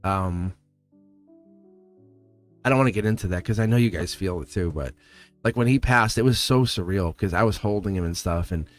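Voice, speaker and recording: A middle-aged man hosting a live tarot reading, rambling and upbeat, his voice hoarse and cracking. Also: deep voice, moderate pace, long pauses, faint music behind. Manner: rambling, upbeat, repeats himself. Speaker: tarot reader and host.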